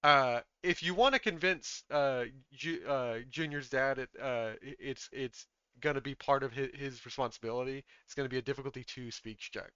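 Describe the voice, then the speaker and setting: A man narrating as game master, halting with many fillers and restarts. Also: medium pitch, sharp tone, smooth, no room sound, dull audio.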